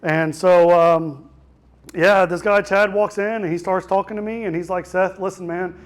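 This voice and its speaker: In a conference hall, a young man delivers a keynote, recounting a personal story with raw emotion and many restarts. His voice is high-pitched, his tone steady, and his pace moderate.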